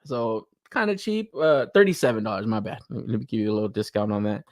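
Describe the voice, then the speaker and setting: A man's voice: lowish voice, sing-song, quick pace, a little mellow, no room sound, clean studio sound. A man co-hosting a casual podcast, talking bluntly and incredulously, laughing often and swearing freely. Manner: blunt, incredulous, laughs often, mocks others' hype in exaggerated voices. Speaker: podcast co-host reviewing action figures. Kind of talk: casual profane chat.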